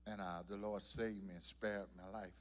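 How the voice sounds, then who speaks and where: A man's voice: lowish voice, flat delivery, moderate pace. A church singer telling his testimony to the congregation in a folksy storytelling manner. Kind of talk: spoken testimony in a worship service. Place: church sanctuary.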